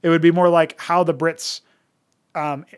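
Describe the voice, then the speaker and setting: A man's voice: on the high side, flat delivery, a little slow, clear, resonant tone. An American man hosting a casual solo talk show, rambling with many fillers and restarts. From United States. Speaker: podcast host and modder.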